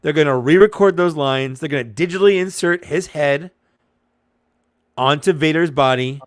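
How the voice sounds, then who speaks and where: A man's voice: fairly high pitch, normal speed, no echo, studio quality. A man in casual live chat while opening toys, laughing often and talking animatedly. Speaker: toy-unboxing show co-host.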